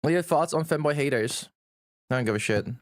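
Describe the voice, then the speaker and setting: A man's voice: a little high, quick pace, slight background noise. A man livestreaming and answering chat in a blunt, profane, teasing way.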